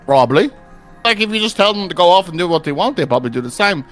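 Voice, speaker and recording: A man's voice: sits high, lively intonation, fast, fairly bright tone, faint music behind, voice pushed up. A man voicing a cheeky, chummy male kobold lord who keeps calling the player governor.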